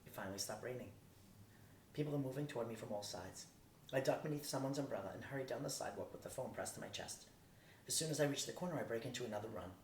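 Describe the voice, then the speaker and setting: A man reading a first-person novel aloud in a steady, plain way. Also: fast talker. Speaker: audiobook reader. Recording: roomy distant recording, faint rumble.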